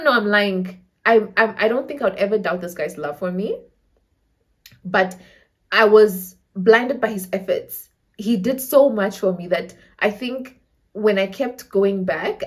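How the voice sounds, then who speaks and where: A young woman with a Namibian accent telling a dramatic story to camera in a casual, animated way, acting out quotes and laughing often. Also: medium pitch, unhurried. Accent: Namibian English. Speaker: storytelling vlogger.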